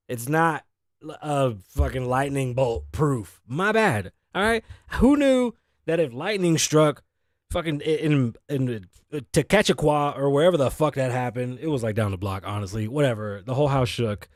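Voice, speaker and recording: This host, a man from the Bronx in New York, speaks a little slowly in an expressive, mid-range voice. Sleepy and tired, he offers a rambling, profane, self-deprecating casual solo monologue on his own show. Audio is clean with no room sound, recorded on a studio mic through an audio interface.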